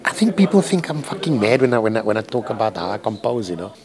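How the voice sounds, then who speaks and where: A man's voice: on the low side, sing-song, fast talker, crowd noise. Rambling, profane man talking candidly. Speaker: composer. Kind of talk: candid emotional conversation. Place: hospital room.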